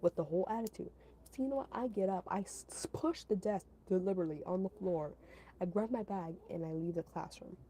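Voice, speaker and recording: Brief: young female creator, mid-pitched and warm, chatty storytime with restarts. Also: a little fast, slight background noise, rough recording. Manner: animated, emphatic, with frequent restarts and acted quotes. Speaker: content creator. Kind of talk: casual storytime monologue.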